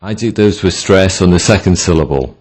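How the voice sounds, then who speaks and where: A man narrating a scripted pronunciation lesson, reading example words one by one in a measured way. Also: deep voice, darkish tone. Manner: measured, reads word lists one by one. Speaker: English pronunciation instructor.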